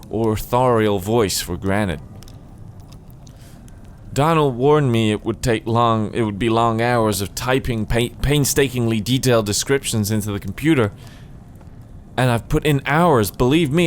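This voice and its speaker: A man reading game dialogue as a rambling, flustered cave writer who talks in high, excited bursts and keeps restarting his sentences. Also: slight background noise, lightly acted. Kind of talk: voice acting a game's dialogue.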